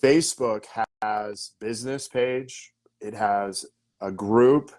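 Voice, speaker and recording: A man giving business-coaching advice as a guest in a casual interview, energetic and emphatic, who keeps checking in with "okay?" and "right?". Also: on the low side, slow pace.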